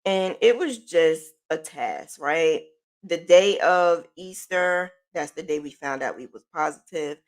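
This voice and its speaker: This podcast host is a middle-aged woman with a low voice who takes her time. Her personal story comes out chatty and wandering, full of "like" and "um," and she goes over the same points more than once.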